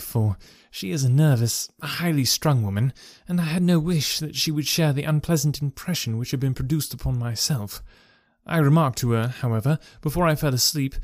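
A man's voice: on the high side, darkish tone, no room sound. Man narrating a classic tale, dry and close. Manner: measured, dramatic storytelling. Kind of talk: scripted first-person story narration.

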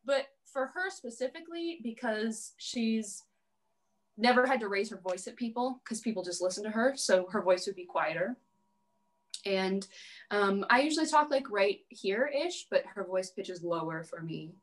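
A woman's voice: mid-range voice, expressive, moderate pace. Chatty young woman cosplayer guest. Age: young adult. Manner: chatty, heavy use of "like", frequent laughs. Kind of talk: casual interview chat.

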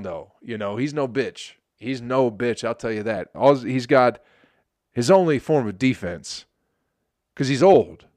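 A man's voice: medium pitch, no echo, studio quality. Profane rambling comedian man. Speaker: comedian host. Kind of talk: casual comedy monologue.

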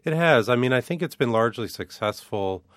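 A man's voice: medium pitch, expressive, fairly quick, a bit bright, smooth, dry recording. A man being interviewed in a radio studio as a guest, an art professor explaining things earnestly with some fillers.

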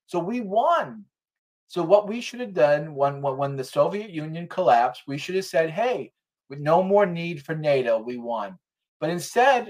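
A man talking as a guest on a casual political chat, ranting heatedly with restarts and swearing. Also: a little high.

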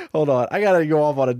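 A young man casually pitching a comedic story, rambling and acting out the characters' lines. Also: a little mellow, no echo.

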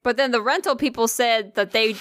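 A woman's voice: on the high side, moderate pace, fairly bright tone, dry recording, clean studio sound. A young woman co-hosting a casual podcast, teasing her partner, laughing often and swearing casually. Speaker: podcast co-host.

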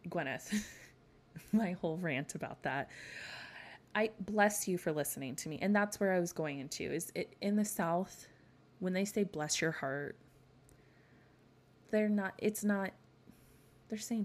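A woman's voice: fairly low pitch, a little slow, pauses often. A woman hosting a podcast, chatting in a gossipy, sassy way with frequent rants. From not from the American South. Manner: gossipy, sassy, ranting with laughs. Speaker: podcast host. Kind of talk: casual chat.

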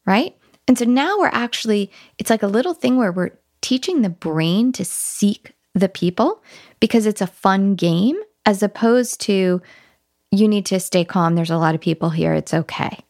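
A woman's voice: medium pitch, lively intonation, moderate pace, darkish tone, no echo, clean studio sound. A woman giving parenting advice in a casual podcast conversation, telling stories with animation and acting out playful talk with children. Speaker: parenting guest expert.

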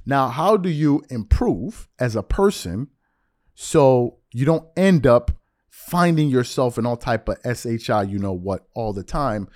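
Animated, earnest male podcast host. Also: mid-range voice, no echo, studio quality. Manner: earnest, repeats words when searching for them. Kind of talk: reflective solo commentary.

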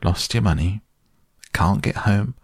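A man's voice: lowish voice, measured pace, vocal fry, husky, no room sound, clean studio sound, full character voice. A man doing a kindly rustic engine driver. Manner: homely country dialect, easygoing.

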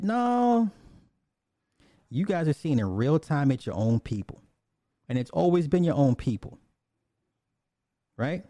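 Speaking in a dark, mellow voice of fairly high pitch, a man delivers a blunt, profane casual rant, repeating and restarting lines. The recording is close and dry, with no echo or room sound.

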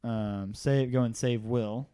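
A man's voice: mid-range voice, steady tone, slow pace, dark tone, clear, resonant tone. A man casually rambling through a movie recap as a podcast co-host, checking his notes and laughing often.

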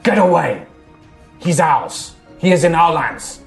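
A man growling as a rough, hostile wild elf. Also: on the high side, animated, takes it slowly, faint music behind, voice pushed up, heavily acted. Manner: heavy rough guttural accent, broken speech.

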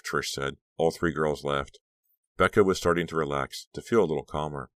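A man narrating an audiobook in a measured storytelling manner. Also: very deep voice, steady tone, no room sound, clean studio sound. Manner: measured storytelling, voicing all characters. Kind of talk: scripted narration.

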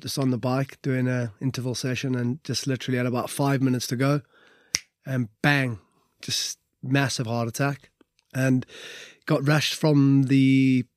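In clean studio sound with no echo, a middle-aged former rugby player from Wales tells his story in a casual interview. His mid-range voice is chatty and packed with fillers and "like."

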